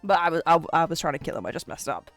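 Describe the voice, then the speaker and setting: A woman's voice: sits low, big pitch swings, rapid-fire, a bit bright, faint music behind. A woman streamer chatting casually with her viewers, rambling and giggly as she drifts into tangents. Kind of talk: casual livestream chat with viewers.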